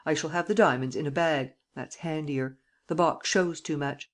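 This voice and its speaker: An audiobook reader voicing a cunning, mocking gentleman thief who taunts and bargains, with a theatrical, triumphant manner. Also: medium pitch, moderate pace, lightly acted. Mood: bargaining. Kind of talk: audiobook character reading.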